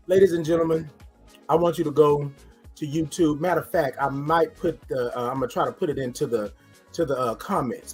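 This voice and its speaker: A man's voice: a little high, a little mellow. A man hosting a casual morning livestream, upbeat, greeting viewers in the chat by name. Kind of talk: casual live-stream talk to viewers.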